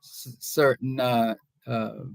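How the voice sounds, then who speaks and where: A middle-aged man with a Jamaican accent hosts a talk radio show from a studio microphone. He speaks very slowly and deliberately, with frequent restarts and hedging asides. The sound is dry and close. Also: medium pitch, level tone, gravelly, dry recording, poor audio. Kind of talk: call-in radio talk, reading listener messages.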